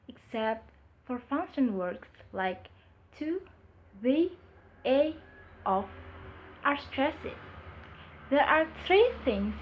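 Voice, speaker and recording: Brief: young female student, slow scripted reading, light hiss in the background. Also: fairly high pitch, muffled recording. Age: young adult. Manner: reads prepared script. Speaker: student presenter. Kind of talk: class presentation. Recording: faint background noise.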